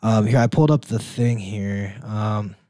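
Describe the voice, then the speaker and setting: A young man co-hosting a casual college sports podcast, relaxed and rambling, full of fillers and quick laughs. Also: fairly low pitch, no echo, clean studio sound. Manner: relaxed, rambling, laughs often, says "like" and "dude".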